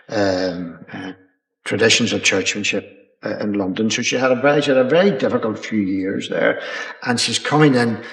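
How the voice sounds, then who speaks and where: An older man, an archbishop, answering questions at a public dialogue in a measured, rambling way, pausing with ums and restarts. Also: lowish voice, a bit bright. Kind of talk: unscripted panel answer. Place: college chapel. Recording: echoey chapel with long reverb.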